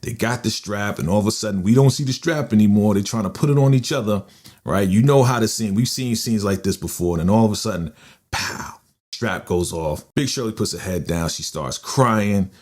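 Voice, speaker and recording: A man's voice: lowish voice, a little fast, a little mellow. A man hosting a casual recap of a TV episode, retelling scenes and acting out the characters' lines in slang. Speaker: recap channel host. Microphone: studio podcast microphone.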